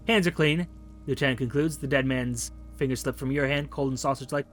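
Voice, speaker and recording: A man's voice: mid-range voice, brisk, fairly bright tone, faint music behind. A man narrating a detective game, reading the text aloud in a casual way with wry asides. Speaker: game streamer.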